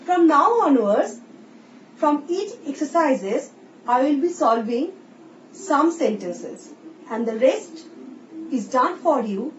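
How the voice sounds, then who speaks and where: A woman teacher with an Indian English accent, slowly explaining a recorded English lesson and reading example sentences aloud. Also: sits high, darkish tone. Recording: roomy, distant, dull sound with faint hiss.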